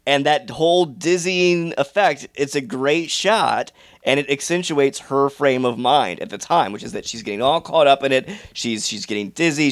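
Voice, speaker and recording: A man's voice: medium pitch, no room sound, clean studio sound. A man reviewing films in a casual debate, patiently explaining and defending his view. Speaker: film reviewer.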